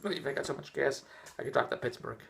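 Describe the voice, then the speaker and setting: Fast-talking exasperated man ranting on his vlog. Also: mid-range voice, gravelly, a bit bright. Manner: exasperated, rambling storytelling with frequent restarts. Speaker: vlogger. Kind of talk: rambling personal vlog rant. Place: indoors, just came in from the rain.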